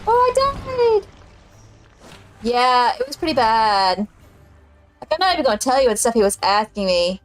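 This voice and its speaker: A woman's voice: fairly high pitch, big pitch swings, normal speed, pauses often, soft background music. A woman, telling a story in casual chat as a streamer and laughing often.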